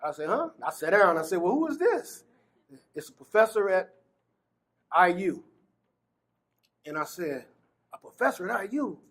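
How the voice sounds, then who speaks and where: A man with a notably high voice for his sex recounts his own story in an interview. He is from Gary, Indiana. He acts out the dialogue he quotes and often laughs between phrases. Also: big pitch swings, moderate pace, long pauses, a bit bright. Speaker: exoneree telling his story. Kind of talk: personal testimony in an interview.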